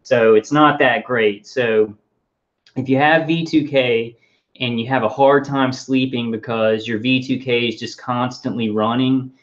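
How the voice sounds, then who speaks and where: A man speaks straight to his viewers in a loose, rambling monologue. He often stalls, repeats words and reaches for fillers before going on. His voice sits in an ordinary middle pitch, and the audio is muffled and lo-fi. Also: steady tone. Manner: rambling, halting, many restarts and fillers. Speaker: vlogger.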